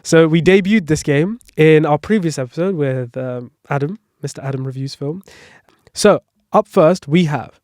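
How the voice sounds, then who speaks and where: A man's voice: on the high side, normal speed, darkish tone, no echo, clean studio sound. Chatty man hosting a podcast quiz. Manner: quizzing a co-host, reading clues with many fillers. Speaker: podcast host. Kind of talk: casual podcast quiz chat. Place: home, on a couch.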